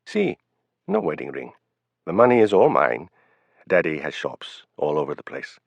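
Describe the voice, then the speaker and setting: A man's voice: rumbling low, wildly swooping pitch, moderate pace, vocal fry, no room sound, voice pushed down, exaggerated voice. A man voicing an elegant, wealthy young woman with a slight foreign accent and a poised, charming manner, in a dull, dry recording.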